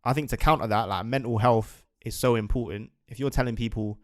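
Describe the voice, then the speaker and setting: Brief: relaxed young male host, mid-pitched, easygoing laughs, very dry close recording. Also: fairly quick, no echo. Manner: laid-back, laughs often. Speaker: podcast host. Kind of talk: casual chat. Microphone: video call.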